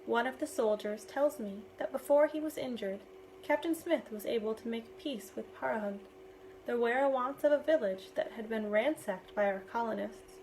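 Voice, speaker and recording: Slightly high-voiced woman reading a novel. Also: moderate pace, a little mellow, a little hiss or hum, low-quality recording. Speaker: reader.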